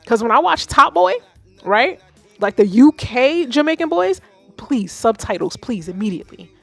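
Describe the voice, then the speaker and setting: A woman of Haitian background hosting a live music feedback stream, blunt and animated, swearing freely. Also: on the high side, moderate pace, gravelly, no room sound. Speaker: livestream host reviewing music. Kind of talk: casual livestream commentary.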